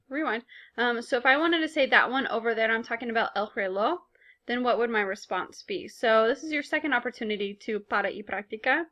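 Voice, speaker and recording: A woman's voice: a little high, sharp tone, lo-fi sound. A woman teaching a recorded language lesson in a patient, explanatory way, speaking with casual fillers. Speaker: Spanish teacher.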